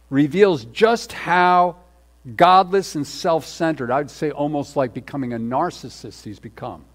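A man preaching a sermon as pastor, emphatic, repeating words for stress and swinging between loud and soft. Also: mid-range voice.

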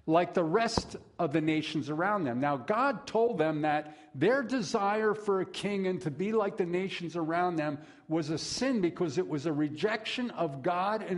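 A middle-aged man preaching a sermon as a pastor, folksy and conversational, with asides to the congregation. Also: sits high.

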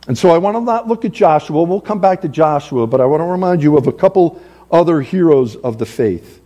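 A man preaching a sermon in a church, animated, acting out the voices of biblical figures. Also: mid-range voice, slightly rough. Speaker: pastor. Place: church sanctuary.

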